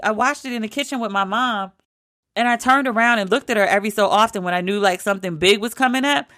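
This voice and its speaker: A woman in her forties hosting her podcast alone, telling stories in an animated, emphatic way with lots of repetition. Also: mid-range voice, quick pace, no echo, studio quality. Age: 40s. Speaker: podcast host. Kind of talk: casual solo podcast talk.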